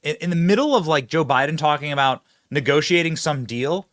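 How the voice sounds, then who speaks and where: Host read: man, sarcastic political commentator, lively swooping delivery, dry close mic. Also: on the high side, fairly quick, hardly any pauses, no echo. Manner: mocking, sarcastic, laughs at own jabs. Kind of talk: fast opinionated political commentary. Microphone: close studio mic with earpiece.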